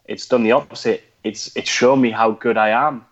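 A man with a Geordie accent, a military veteran guest, talking reflectively with many pauses and restarts. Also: mid-range voice, steady tone, highs cut off. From North East England. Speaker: guest, former special forces veteran. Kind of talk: conversational interview.

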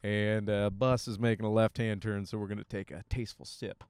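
A man's voice: a little fast, clean tone, dry recording, studio quality. A young man from Michigan, a stand-up comic hosting his own podcast, rambling crude jokes in casual talk while riding a bus. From Michigan, USA. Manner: crude, jokey, animated with sudden high-pitched bits.

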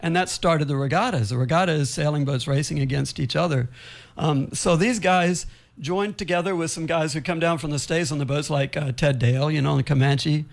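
Male studio guest, sailing teacher, somewhat high voice, easygoing storyteller. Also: fairly quick, gravelly. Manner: storytelling, easygoing, acts out quotes. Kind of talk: storytelling in casual chat. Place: radio studio.

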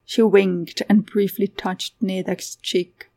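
A woman's voice: medium pitch, level tone, takes it slowly, a little mellow. A woman narrating a fantasy story aloud, giving the characters voices of their own. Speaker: audiobook narrator.

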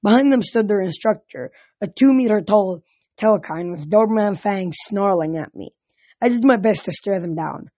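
Brief: amateur storybook narrator, husky voice, frequent stumbles, dry close sound. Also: mid-range voice, lively intonation, moderate pace, warm tone, no echo. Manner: stumbling over words and restarting. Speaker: audiobook reader.

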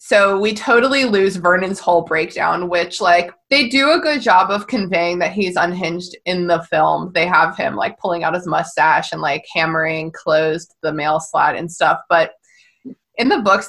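A woman's voice: on the low side, lively intonation, a little slow, a bit bright. A woman co-hosting a podcast, chatting casually about a film, laughing often and swearing now and then. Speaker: podcast co-host.

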